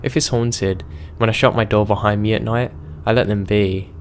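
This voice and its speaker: A man's voice: on the low side, steady tone, normal speed, a little hiss or hum, close to an everyday voice. A man voicing an unbothered church caretaker in his seventies who talks in a casual, shrugging tone. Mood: offhand.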